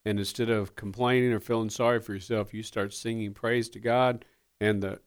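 Radio guy, folksy, reads questions slow and punchy. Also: on the low side, flat delivery. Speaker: radio show co-host. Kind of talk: casual chat, reading trivia questions.

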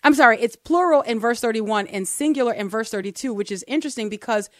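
A woman co-hosting a Christian talk show, earnestly teaching from the Bible and slowing down to read verses aloud. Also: a little high, animated, no echo, studio quality. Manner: earnest, explains step by step, slows down to read verses.

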